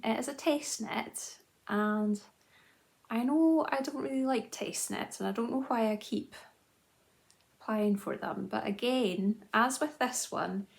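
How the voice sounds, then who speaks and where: A woman's voice: medium pitch, vocal fry. A woman in her thirties chatting casually to camera as host of a knitting video journal, self-deprecating, with frequent ums and restarts. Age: 30s.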